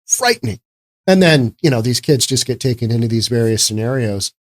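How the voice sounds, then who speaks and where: A man's voice: mid-range voice, expressive, a little fast. A man giving casual political commentary in a sarcastic, rambling way.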